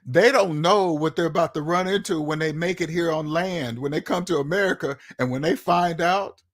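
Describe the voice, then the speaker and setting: A man's voice: on the high side, normal speed. A man hosting his own channel, talking to his viewers in a casual monologue, emphatic and repetitive, firing off rhetorical questions. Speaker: channel host.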